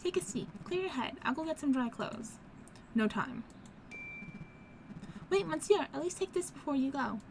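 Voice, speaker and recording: A chatty, friendly fisherman from a game, put on by a woman playing through it. He fusses cheerfully in a bright, raised voice. Noise hums steadily behind. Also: sits high, animated, normal speed, pauses often, pitched above the performer's own voice. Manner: cheerful, fussing.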